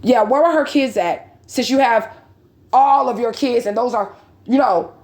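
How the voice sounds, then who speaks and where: A woman's voice: a little high, unhurried, darkish tone, echoey room. A woman in her forties telling a story to her viewers and reading out messages, blunt and heated, swearing and asking repeated rhetorical questions. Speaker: vlogger.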